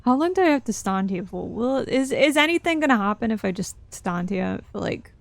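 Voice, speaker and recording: A woman's voice: fairly high pitch, sing-song, brisk, vocal fry, no echo. A young woman live-streaming a game from her desk at home, chatting casually with lots of swearing and laughing asides.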